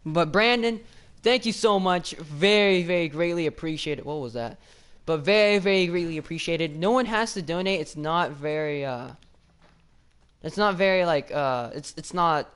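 A young man hosting a casual live stream, excitedly thanking viewers with lots of repeats and restarts. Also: a little high, smooth. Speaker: livestreamer.

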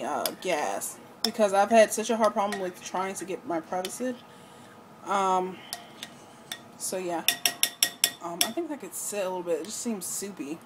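A woman talking through a casual home video diary, slightly out of breath, hesitant with many pauses and fillers. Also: medium pitch, noisy background. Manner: hesitant, many ums and restarts. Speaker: vlogger.

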